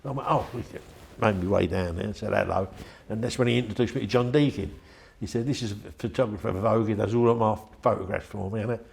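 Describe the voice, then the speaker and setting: An older man tells his story in a chatty, meandering way, slipping into the voices of the people he remembers. His voice sits fairly low and carries a gravelly rasp. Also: fast talker, a little mellow. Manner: rambling, chatty, acts out quoted voices. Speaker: interviewee. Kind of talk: anecdotal storytelling.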